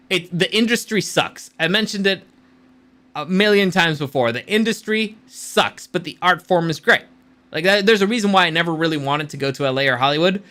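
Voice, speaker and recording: A man's voice: high-pitched, pushed and bright. A man hosting a casual commentary show, talking in a blunt, opinionated and sometimes profane way. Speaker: host.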